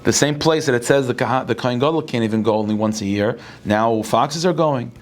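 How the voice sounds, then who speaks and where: A male rabbi giving a Torah lecture. He talks in halting bursts, restarting and repeating words as he thinks aloud. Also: medium pitch.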